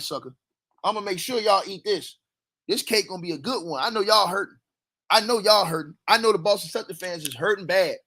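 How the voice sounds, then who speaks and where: Hyped high-voiced man trash-talking on stream. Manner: loud, repetitive, trash-talking. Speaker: livestream sports commentator. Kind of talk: hyped livestream sports talk.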